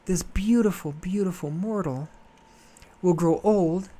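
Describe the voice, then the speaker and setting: A man's voice: high-pitched, measured pace, warm tone, voice pushed up. A man putting on a whiny lovesick goddess. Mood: distraught. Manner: whiny, melodramatic lament. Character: lovesick female moon goddess, dramatic.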